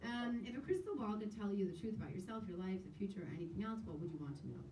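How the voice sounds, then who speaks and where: A woman's voice: mid-range voice, animated, racing, mellow. Self-deprecating woman with a Long Island accent. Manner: self-deprecating, rambling, giggly. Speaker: comedy host. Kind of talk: stand-up crowd work. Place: small comedy club stage. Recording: echoey club heard from a distance. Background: audience laughter and room noise.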